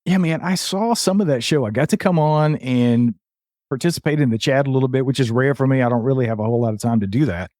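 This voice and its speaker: A man's voice: medium pitch, fast, darkish tone, no echo, clean studio sound. A man hosting a live podcast, upbeat and chatty, greeting viewers in the chat as he talks. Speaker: podcast host.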